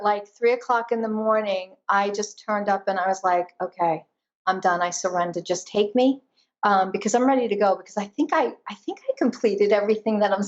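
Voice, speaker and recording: Woman guest, fairly high voice, emphatic storyteller, muffled lo-fi audio. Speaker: guest, energy intuitive. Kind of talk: personal storytelling in a conversation.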